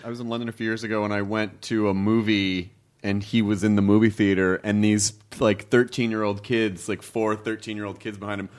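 A man's voice: lowish voice, little pitch movement, brisk. A man in casual podcast chat, a playful storyteller who laughs often. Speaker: podcast guest comedian.

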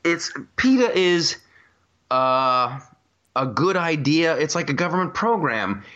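A man's voice: fairly high pitch, very animated, slow, pushed and bright, dull audio. A man hosting a casual, comedic podcast chat, rambling through stories with many restarts and laughs. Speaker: podcast host.

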